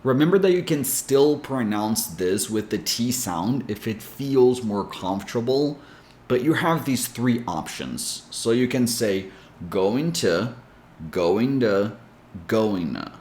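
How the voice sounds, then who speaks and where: A man teaching English pronunciation, giving clear, deliberate explanations and spelling out sounds. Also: mid-range voice, lively intonation, darkish tone. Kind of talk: scripted lesson explanation. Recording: echoey room.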